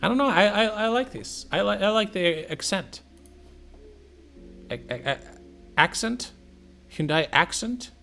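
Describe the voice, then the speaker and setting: Man, slow unhurried talk, casual streamer commentary, profane slang, loud exclamations. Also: sits high, lively intonation, gravelly. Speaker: streamer browsing car listings.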